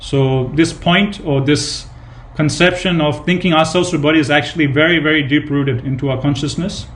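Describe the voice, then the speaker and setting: A man's voice: fairly high pitch, fairly even intonation, moderate pace, fairly bright tone, slight background noise. A man giving a devotional scripture class, retelling anecdotes with emphatic repetition and casual fillers. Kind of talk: devotional sermon with retold anecdotes.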